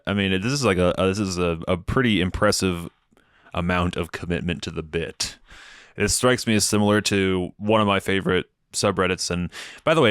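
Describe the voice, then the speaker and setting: Low-voiced sardonic man riffing on a podcast. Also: a bit bright, clear, resonant tone, no echo, studio quality. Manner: rambling, profane, sardonic. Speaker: podcast host. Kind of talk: casual comedic monologue.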